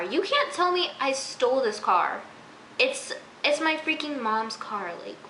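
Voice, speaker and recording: A teenage girl rambles through a casual video review, exasperated and leaning on "like" over and over. Her voice is fairly high and bright. The sound echoes off the walls of her room. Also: a little hiss or hum. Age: teens. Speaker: TV episode reviewer. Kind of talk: casual recap vlog.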